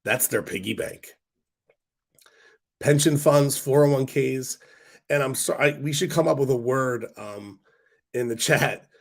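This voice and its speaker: A man's voice: mid-range voice, unhurried, vocal fry, long pauses. A man hosting a stock market livestream, talking to viewers in a rambling, blunt, irreverent way with casual swearing, his voice worn and congested.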